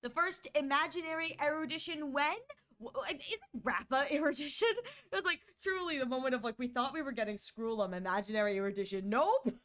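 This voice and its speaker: A woman's voice: high voice, brisk, a bit bright. A woman streamer chatting casually and playfully with her viewers, rambling, giggling and restarting her words.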